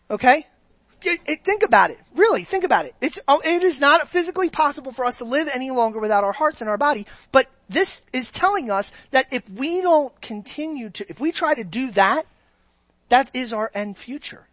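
A woman with a fairly high voice delivers a sermon in a loose, conversational way, pausing over and over to ask whether her listeners follow. The sound is dry and close, with almost no room around it. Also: fairly bright tone, no room sound. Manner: conversational, keeps checking in with the audience. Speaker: preacher.

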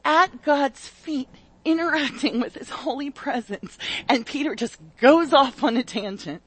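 A woman preaching a sermon with a conversational, animated delivery that swings from loud exclamations to soft scripture reading and speaks straight to her listeners. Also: sits high, normal speed, husky. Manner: conversational, addresses listeners directly.

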